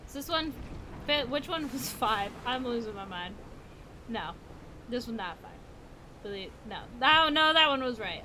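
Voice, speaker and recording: A high-pitched woman with a bright, sharp voice, casually commenting on a puzzle game. She talks slowly, mutters to herself and swears in exasperation, with faint game ambience behind her. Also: lively intonation, a little hiss or hum. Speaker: game streamer.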